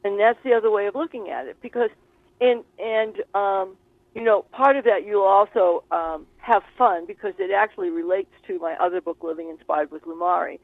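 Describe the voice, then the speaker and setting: A woman who writes about spirituality appears as a guest, earnestly and expansively explaining her ideas in a conversational teaching style with plenty of examples. Her medium-pitched voice moves fairly quickly, with no room sound, over a tinny, phone-like call line.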